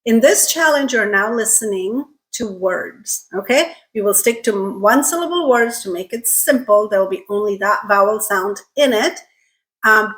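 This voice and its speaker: A woman teaching English pronunciation in an online lesson, speaking clearly and carefully and often checking in with the viewer. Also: on the high side, fairly bright tone, rough recording.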